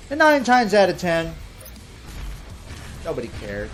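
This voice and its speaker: Male let's-play host, lively and ranty, slightly high voice. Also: unhurried, pauses often, background noise. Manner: animated, ranting, swearing. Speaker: gaming commentator. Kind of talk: comedic let's-play commentary.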